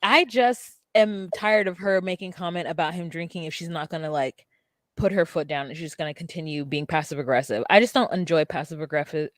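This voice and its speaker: A woman co-hosting a casual reality-TV recap podcast, animated and acting out what people said. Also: lowish voice, brisk, no room sound. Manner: animated, acts out quoted lines. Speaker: podcast co-host.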